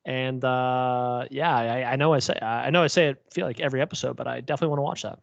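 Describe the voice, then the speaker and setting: A man's voice: medium pitch, fairly even intonation, fast talker, creaky, no room sound. Young man on a dull, dry mic. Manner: thoughtful, filler-heavy explaining. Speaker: podcast co-host. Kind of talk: casual chat.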